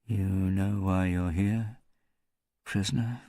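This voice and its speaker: A man doing a quiet, bored secret-police interrogator. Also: rumbling low, lively intonation, gravelly, husky, no room sound, studio quality, exaggerated voice. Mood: coldly bored. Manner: quiet, slow, disinterested.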